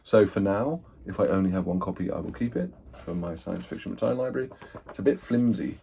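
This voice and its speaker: A man's voice: low-pitched, lively intonation, brisk, gravelly, dark tone. A man chatting casually and rambling as he unboxes and sorts a haul of old books, thinking aloud and poking fun at himself. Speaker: book collector, channel host.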